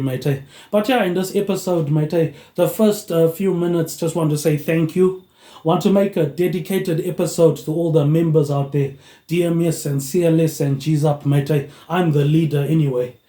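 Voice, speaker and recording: Talking into a phone or tablet with no microphone, a vlogger lets the room echo around his rambling monologue. He keeps dropping a casual "mate, eh" at the end of lines. His pitch is a bit high, though the sound stays mellow and warm.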